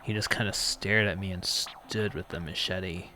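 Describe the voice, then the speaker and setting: A man's voice: deep voice, fairly even intonation, moderate pace, sharp tone, a little hiss or hum. A man hosting a call-in talk stream, telling a rambling story in casual chat with frequent laughs. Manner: rambling, laughs often, mock phone-menu voice. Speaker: call-in show host.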